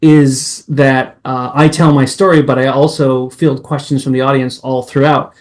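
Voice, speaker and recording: A man who grew up in Massachusetts, a podcast guest chatting casually and jumping between memories with excited asides. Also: medium pitch, normal speed. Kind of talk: casual chat.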